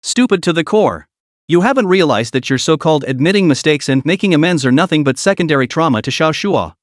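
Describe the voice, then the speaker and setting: An icy young woman, contemptuous and cutting, scolding a rival in a storybook recap, as a male narrator puts her on. The read is lively in pitch, a touch high, with a dry close sound. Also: quick pace, no room sound, lightly acted.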